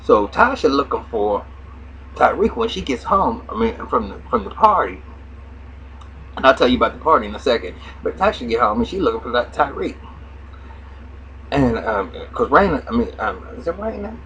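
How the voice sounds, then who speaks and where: Animated, profane man recapping a TV show. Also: medium pitch, moderate pace, dull audio, a little hiss or hum. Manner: animated storytelling, heavy profanity, lots of fillers. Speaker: TV episode reviewer. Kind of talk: casual recap vlog.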